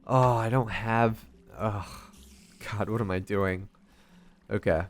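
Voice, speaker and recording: Low-voiced man rambling over gameplay. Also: steady tone, takes it slowly. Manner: rambling, self-deprecating, swears often. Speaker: gaming vlogger. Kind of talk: casual gameplay commentary.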